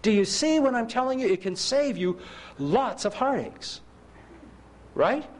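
High-voiced preacher telling stories. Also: male voice, expressive, a little slow. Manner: self-mocking humor, rhetorical questions to listeners. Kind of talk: sermon with personal stories.

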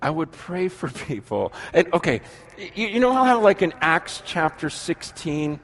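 A middle-aged man preaching a sermon as pastor, animated, swinging from soft asides to shouting. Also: on the high side, a little slow.

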